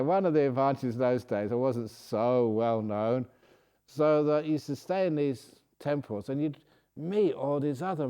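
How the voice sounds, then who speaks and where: Older british monk, dharma talk; mellow, warm, relaxed delivery, easy anecdotes, dropping quiet on the calm parts. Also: male voice, medium pitch. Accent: British English. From Britain. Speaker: Buddhist monk teaching a meditation retreat. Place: retreat centre meditation hall.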